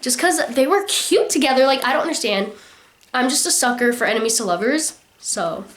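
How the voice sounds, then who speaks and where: A woman's voice: high voice, animated, a little fast. A young woman vlogging casual book reviews, chatty and full of "like" fillers.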